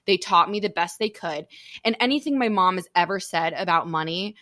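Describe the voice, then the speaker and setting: Young woman, podcast host, candid casual chat, lower-pitched bright voice. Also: brisk, no room sound, studio quality. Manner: open, animated storytelling with frequent laughter.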